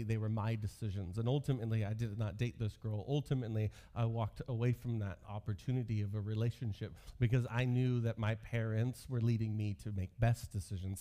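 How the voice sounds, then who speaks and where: A man's voice: on the low side, mellow. Man preaching a sermon with humor. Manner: storytelling with self-deprecating humor. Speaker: pastor.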